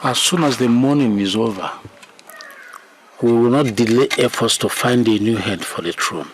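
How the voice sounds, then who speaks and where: An actor playing a solemn elder addressing a royal mourning, measured and grave. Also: male voice, medium pitch, slight background noise, close to an everyday voice. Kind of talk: Nollywood film acting.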